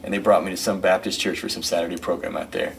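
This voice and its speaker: Middle-aged man, interview guest, rambling storyteller, quick talker, slightly distant mic, faint noise. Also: sits low, creaky. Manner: rambling, filler-heavy, animated storyteller. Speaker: musician and record producer, guest.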